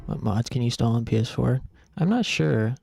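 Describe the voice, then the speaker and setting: A man's voice: mid-range voice, expressive, a little fast, creaky, darkish tone, faint music behind. A man streaming a video game, giving laid-back, wry commentary. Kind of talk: casual gameplay commentary.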